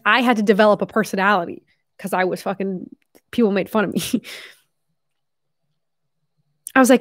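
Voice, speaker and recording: A woman's voice: mid-range voice, a little fast, long pauses, no echo, clean studio sound. A young woman live streaming in casual chat, talking a lot with "like" and casual swearing, her voice tiring from hours of talking. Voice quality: chatty, lots of "like", casual swearing.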